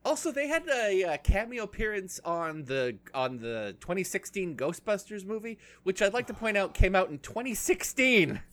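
A man's voice: sits high, sing-song, normal speed, hardly any pauses, a bit bright. A man co-hosting a podcast, recapping a cartoon episode in casual chat, sarcastic and rambling with lots of fillers. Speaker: podcast co-host.

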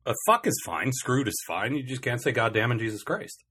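Bright, husky-voiced man rambling wryly. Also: mid-range voice, big pitch swings, fairly quick. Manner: rambling, self-interrupting, dry complaining humor. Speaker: podcast co-host. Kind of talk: casual comedic chat.

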